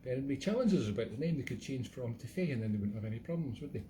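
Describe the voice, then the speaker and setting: A man's voice: mid-range voice, animated, very fast, noisy background. A Scottish man doing a hammy comic impression of a singer, chatting in self-mocking showman banter between songs. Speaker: comic entertainer.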